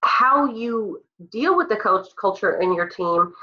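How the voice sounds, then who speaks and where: Animated, a little slow, bright and forceful in a medium pitch, a woman with a cold motivates her team over a call with earnest emotion. She's congested, and the roomy, dull, lo-fi audio comes from a phone or computer.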